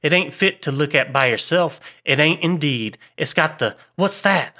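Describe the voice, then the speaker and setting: A jumpy young waiter who says "ain't" and drops his h's, his voice pitched up well above the storyteller's own, as a male narrator puts him on. He talks with a nervous, common-spoken edge, and the tone stays bright throughout. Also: expressive, normal speed. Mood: scared.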